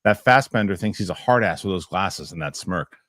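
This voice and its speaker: A middle-aged man hosting a casual talk show, telling stories and reading viewer messages with animated, excitable delivery. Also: sits low, brisk, no room sound, clean studio sound. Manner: animated storytelling, excitable rants. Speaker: show host. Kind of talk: casual chat.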